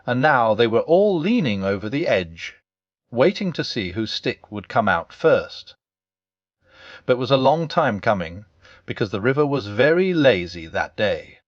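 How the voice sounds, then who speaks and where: A man's voice: medium pitch, no room sound, lo-fi sound. Man reading a bedtime storybook. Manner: calm, storybook lilt. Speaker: audiobook narrator.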